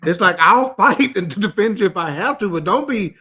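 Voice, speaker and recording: A man co-hosts a podcast, talking at length to explain his views and laughing often. His voice is bright and slightly high. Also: expressive, brisk, slightly rough. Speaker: podcast co-host. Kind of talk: casual chat.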